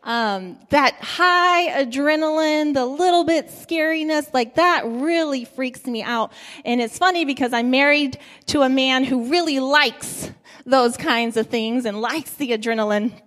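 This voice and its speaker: A woman's voice: high-pitched, a little slow, fairly bright tone, long reverb tail. A middle-aged woman giving a sermon, telling stories in a conversational way with many fillers. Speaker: pastor.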